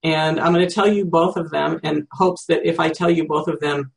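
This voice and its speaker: A sixty-year-old teacher speaks in a creaky voice of middling pitch. The talk is slow and reflective, with pauses, as they think aloud and search for words. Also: fairly even intonation. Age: 60s. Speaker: teacher demonstrating self-empathy. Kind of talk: reflective spoken demonstration.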